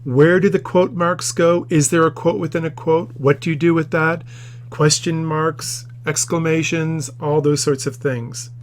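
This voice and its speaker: A man in his office teaching a grammar tutorial, explaining patiently and acting out quoted lines with the odd loud shout. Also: fairly high pitch, fairly even intonation, a little slow, a little hiss or hum.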